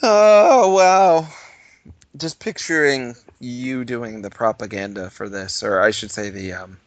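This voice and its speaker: A man co-hosting a podcast, reacting with incredulous, drawn-out remarks in casual banter. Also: on the low side, fairly even intonation, pushed and bright, dry recording. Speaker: podcast co-host.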